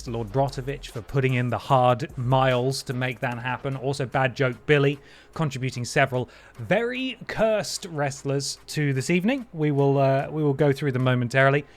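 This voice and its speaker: A man hosting a game livestream, chatting wryly and thanking viewers. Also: medium pitch. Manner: chatty and wry, with playful voice jumps. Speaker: livestream host. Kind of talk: casual stream chat, thanking viewers.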